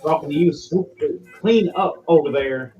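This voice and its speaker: A man's voice: medium pitch, animated, slow, a little mellow, muffled recording, soft background music. A man voicing a bossy, brash female pirate captain who barks orders and teases the crew in a tabletop game. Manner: barking orders, teasing.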